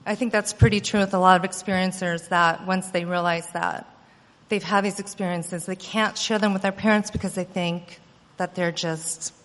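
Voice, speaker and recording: A woman's voice: fairly low pitch, steady tone, moderate pace, fairly bright tone. A woman giving a personal testimony at a conference, telling her story earnestly with many fillers and restarts. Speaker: conference speaker. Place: conference hall. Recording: long hall reverb.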